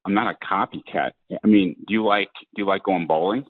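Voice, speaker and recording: A man's voice: low-pitched, fairly quick, no room sound. A man on the phone to a radio show, talking in a hesitant, earnest way with stammers. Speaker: caller on a dating radio show. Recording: tinny phone line.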